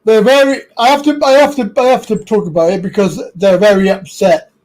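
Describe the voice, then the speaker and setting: A man's voice: high-pitched, steady tone, a little fast, a little mellow, low-quality recording. A British man hosting a live stream, talking casually and bluntly with lots of swearing.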